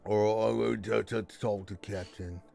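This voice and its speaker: A man's voice: fairly low pitch, fairly even intonation, measured pace, vocal fry, warm tone. A man running a tabletop game as game master, narrating casually.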